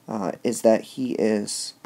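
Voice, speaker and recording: In a fairly low, mellow voice, a man takes his time and keeps his tone steady. He's reviewing a play in a casual lecture, laying it out step by step with fillers and a habit of saying "all right".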